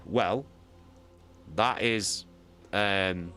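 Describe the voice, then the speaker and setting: A man with a very low, bright and forceful voice chats casually with his live audience. He is animated, swears freely and often repeats himself. Soft music plays faintly behind him. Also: very slow. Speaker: audiobook reader and streamer. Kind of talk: casual chat with live viewers.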